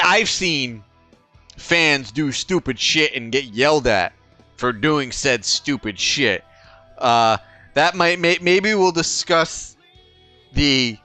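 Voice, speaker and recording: A man co-hosting a podcast tells stories in casual chat, swearing now and then and often restarting his sentences. His voice is medium in pitch, pushed, and bright.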